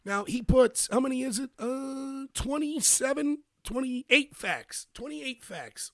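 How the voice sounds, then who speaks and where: A man hosting a live-streamed political commentary show, talking emphatically with bursts of rapid speech and a slightly rough voice. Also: extremely high pitch, no room sound, clean studio sound.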